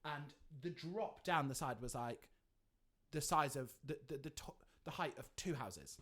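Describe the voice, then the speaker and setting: A woman co-hosting a podcast, telling an animated story in casual chat, swearing freely and saying like a lot. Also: deep voice, unhurried. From England. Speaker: podcast co-host.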